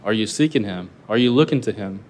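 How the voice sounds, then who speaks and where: A man's voice: lowish voice, lively intonation, fast, darkish tone. A male pastor preaching a sermon earnestly, asking his listeners rhetorical questions. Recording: long reverb of a large hall.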